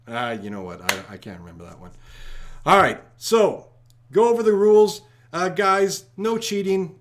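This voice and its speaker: A man hosting a live trivia stream, rattling off viewers' locations and shout-outs in an upbeat way. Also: high voice, lively intonation, moderate pace. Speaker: trivia livestream host.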